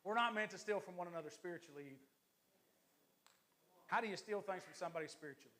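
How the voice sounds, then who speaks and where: A man, an assistant pastor, preaching a lively, joking sermon to his church congregation. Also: high voice, quick pace.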